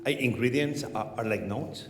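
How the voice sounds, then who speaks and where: A middle-aged man with a Spanish accent talks animatedly onstage, laughing and swearing freely. His voice sits at an ordinary pitch. The sound rings around a large, echoing hall with a long reverb tail. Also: moderate pace, noisy background. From Spain. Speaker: podcast host. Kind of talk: live onstage conversation. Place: large venue with live audience. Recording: echoey hall.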